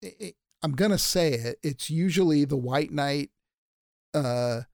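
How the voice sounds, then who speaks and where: A man with a somewhat high voice talking emphatically and with strong opinions in casual conversation. The sound is dry and close, with no room echo. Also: unhurried, gravelly.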